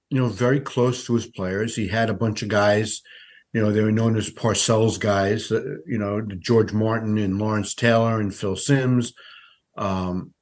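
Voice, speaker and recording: Low-voiced older sportswriter telling stories. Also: male voice. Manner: conversational storytelling with restarts. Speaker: sportswriter guest. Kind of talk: podcast interview.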